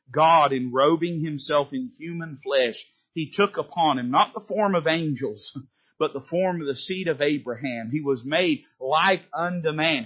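A man preaching an impassioned sermon from a church pulpit, his pitch rising and falling sharply. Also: a bit bright, highs cut off. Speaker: Baptist pastor. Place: church sanctuary.

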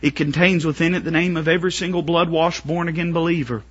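A man preaching a sermon to his congregation, building up to shouted, strained pleading climaxes. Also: a little high, fairly even intonation, fast, breathy edge, dull audio.

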